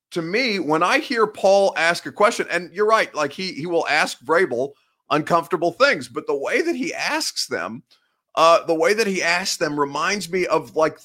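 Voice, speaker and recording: A man's voice: fairly high pitch, sharp tone. A man around thirty hosting a casual live show, rambling and cutting himself off, laughing often. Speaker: podcast host and sports reporter. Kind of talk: casual live-show chat, reading viewer comments.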